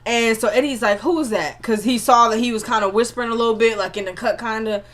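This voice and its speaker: A woman's voice: a little high, steady tone, fast talker. A woman giving a casual spoken recap of a TV episode, acting out the characters' lines in quotes and adding asides to her viewers. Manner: chatty retelling that acts out the characters' dialogue in quotes; frequent filler "like" and running asides to viewers.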